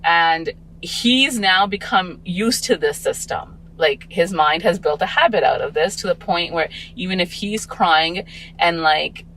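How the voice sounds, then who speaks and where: A woman's voice: lowish voice, measured pace, a bit bright, a little hiss or hum, low-quality recording. A woman in her forties, a parent talking as a podcast guest, reflective and rambling with many fillers. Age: 40s. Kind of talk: casual podcast conversation.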